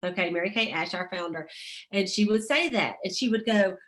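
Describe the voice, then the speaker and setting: A woman's voice: mid-range voice, fast talker, a bit bright. A middle-aged woman leading a motivational sales team call, chatty, laughing often and reading inspirational quotes aloud.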